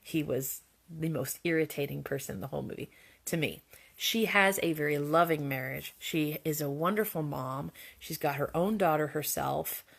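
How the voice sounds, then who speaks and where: A woman with a low voice and a gravelly, creaky edge talks through a movie review in an unscripted, earnest way. She stresses her points hard and restarts her sentences as she goes. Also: moderate pace. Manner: earnest and emphatic, with frequent restarts. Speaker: video host and movie reviewer. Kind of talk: casual spoken movie review.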